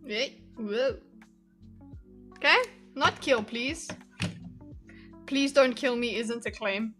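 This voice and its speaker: A fairly high, slightly bright female voice moves at a slow pace against soft background music. The streamer is casual and giggly, reacting to videos with her audience and chatting to them while she draws a diagram.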